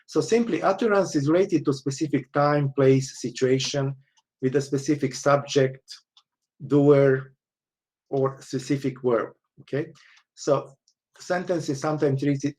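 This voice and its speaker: A man's voice: medium pitch, a little mellow. Man lecturing, constant "okay?" checks. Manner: frequent "okay?" checks, restarts, explanatory. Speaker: university lecturer. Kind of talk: online lecture.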